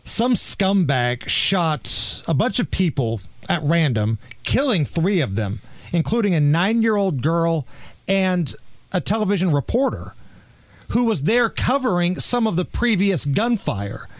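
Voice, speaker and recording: A man's voice: high-pitched, very animated, a little slow, no echo. Blunt, sarcastic male talk radio host.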